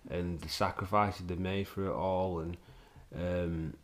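Low-voiced laid-back man. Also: steady tone, measured pace. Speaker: podcast guest. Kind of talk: casual chat.

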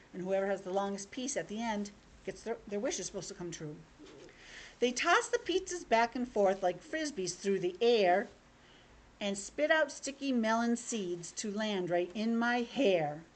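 A woman's voice: mid-range voice, a little hiss or hum. A young woman teacher reading a picture book aloud to children over a video call, with chatty asides. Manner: animated, chatty asides to kids.

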